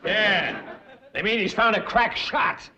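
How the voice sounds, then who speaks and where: An actor playing a suspicious rival banker with a dry, sarcastic manner. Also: male voice, sits high, slow. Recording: dull old TV audio with hiss.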